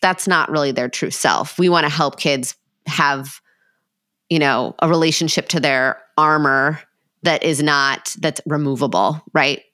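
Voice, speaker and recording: A woman's voice: low-pitched, a little slow, bright, forceful tone, no room sound, clean studio sound. A woman psychologist hosting a podcast, talking through parenting in a reflective, conversational way and voicing parents' inner thoughts.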